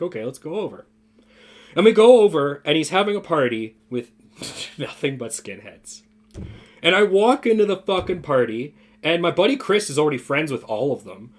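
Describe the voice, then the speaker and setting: Guy on a podcast telling a crazy story, swears a ton, kinda high voice, acts out the quotes. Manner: profane, heavy swearing; lively anecdotal delivery with voiced-out quotes. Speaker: talk show co-host.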